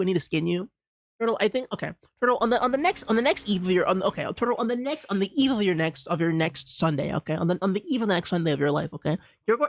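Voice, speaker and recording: Fast-talking young man streaming a game. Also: high voice. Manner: rambling, goofy mock threats, repeats phrases. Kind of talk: live gameplay commentary.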